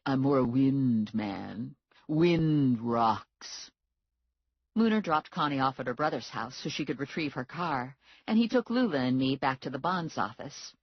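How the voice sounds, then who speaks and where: A woman with a low, husky voice reads first-person fiction with wry, expressive timing. Her pitch swings widely, and the recording is dry and slightly muffled. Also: no echo. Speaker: audiobook narrator. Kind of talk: scripted first-person narration.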